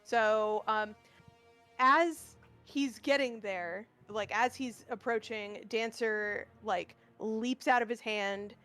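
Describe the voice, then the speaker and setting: A woman's voice: a little high, slow, fairly bright tone, soft background music. A woman playing a tabletop role-playing game, talking through her character's moves with lots of hesitations. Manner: hesitant, lots of ums and uhs. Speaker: player. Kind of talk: casual tabletop game play.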